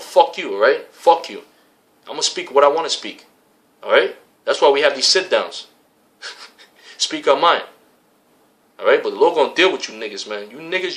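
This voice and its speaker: A man's voice: mid-range voice, fairly bright tone. A man in an impassioned spoken rant to his religious brothers, repetitive and profane, tacking "man" onto his sentences. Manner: heated, repetitive, profane, keeps adding "man". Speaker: religious community member addressing his brothers.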